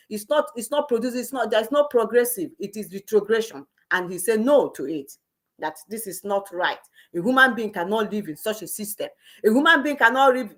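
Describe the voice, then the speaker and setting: A woman's voice: mid-range voice, fairly bright tone. Heated woman scolding. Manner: heated, repetitive, scolding, with frequent stammered restarts. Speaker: political commentator. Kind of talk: impassioned monologue.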